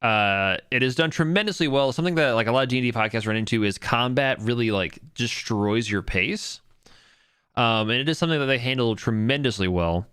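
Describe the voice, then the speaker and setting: Bright, clear-voiced rambling man. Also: mid-range voice, animated, fairly quick, no echo, clean studio sound. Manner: rambling, lots of fillers and "like"; profane, enthusiastic. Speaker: podcast co-host. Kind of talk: casual chat.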